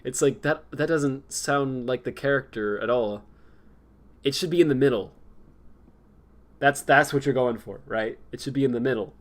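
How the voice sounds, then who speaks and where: A man's voice: mid-range voice, moderate pace. Rambling young man chatting on stream. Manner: rambling, laughs often, lots of fillers. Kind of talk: casual chat.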